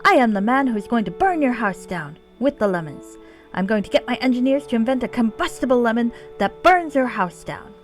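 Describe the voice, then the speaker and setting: A woman reading a blustering male tycoon's lemon rant aloud in a deliberately bad, inconsistent accent. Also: a little high, expressive, faint music behind, pitched above the performer's own voice, close to an everyday voice.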